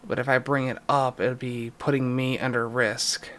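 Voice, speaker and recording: A young man in an emotional vlog confession, distressed and near tears, speaking haltingly with pauses and a voice that drops. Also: mid-range voice, little pitch movement, a bit bright. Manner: halting, pausing, voice dropping. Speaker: YouTuber.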